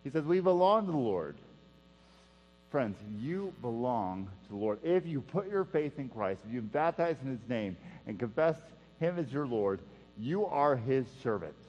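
A man preaching a sermon in an earnest style, repeating key phrases and dropping to a hush for emphasis. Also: mid-range voice, sing-song, normal speed, faint music behind. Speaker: pastor. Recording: dull sound with long hall reverb and mains hum.

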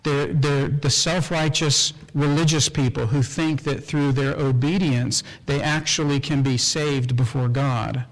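A male pastor giving an expository sermon, explaining word meanings with rhetorical questions and frequent filler pauses. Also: medium pitch, steady tone, in a large hall, rough recording.

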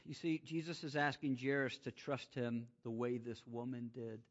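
A man preaching a sermon, swinging from loud, rising exclamations to quiet, hushed emphasis. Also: mid-range voice, moderate pace. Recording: muffled lo-fi sound.

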